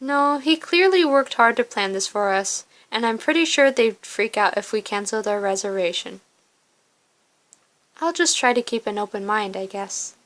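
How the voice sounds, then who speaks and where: A sarcastic young woman, dry and plainly unimpressed. A woman reads her in her own fairly high voice from a story game. The reading stays close to everyday speech. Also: normal speed, fairly bright tone, close to an everyday voice.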